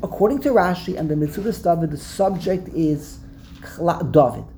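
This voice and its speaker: A woman's voice: lowish voice, expressive, normal speed, mellow, a little hiss or hum. A woman teaching a Torah text class, explaining word by word, repeating herself and acting out the verses she quotes.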